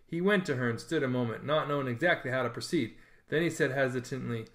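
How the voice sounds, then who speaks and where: A man narrating a classic novel in a measured, expressive storybook reading. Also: mid-range voice.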